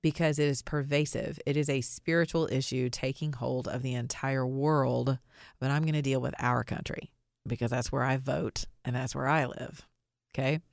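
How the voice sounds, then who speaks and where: A woman with a notably low voice delivers an opinionated podcast monologue. She is blunt and sarcastic, slowing down to lean hard on single words. The sound is dry and close, with no room around it. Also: steady tone, vocal fry, dry recording. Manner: emphatic, stresses single words slowly for effect. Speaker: podcast host.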